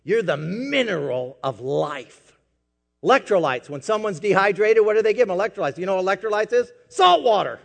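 High-voiced preaching man in a reverberant hall. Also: animated, moderate pace, creaky. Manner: dynamic preaching, swings from low asides to loud emphatic peaks. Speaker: pastor. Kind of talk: sermon.

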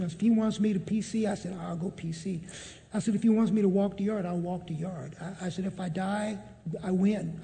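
A man's voice: high voice, creaky, dark tone, in a large hall. A man telling a personal faith testimony in a storytelling manner, often repeating what he said. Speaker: testimony speaker.

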